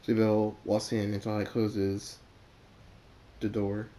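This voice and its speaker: A man reading a fan story aloud, halting, with frequent stumbles and repeats. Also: on the low side, completely flat delivery, mellow. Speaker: story reader.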